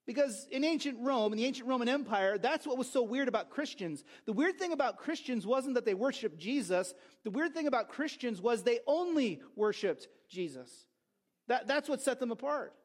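A man preaching a sermon as pastor, in a conversational way with quick asides and restarts. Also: extremely high pitch, expressive.

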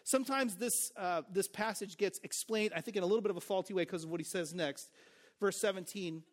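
A man's voice: high voice, a little fast. A man preaching a sermon as pastor, in a casual, conversational way with joking asides, "like" and "right?".

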